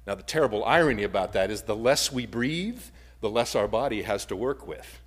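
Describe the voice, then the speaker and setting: A man preaching a sermon. His delivery swings from loud emphasis down to a near-whisper. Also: on the low side, lively intonation, a little fast. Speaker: pastor.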